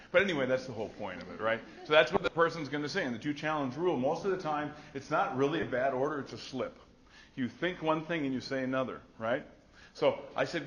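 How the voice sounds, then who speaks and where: A man's voice: mid-range voice, animated, brisk, fairly bright tone, lo-fi sound, a little hiss or hum. Conversational man teaching a classroom lecture. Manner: conversational, storytelling with acted quotes. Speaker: nursing instructor.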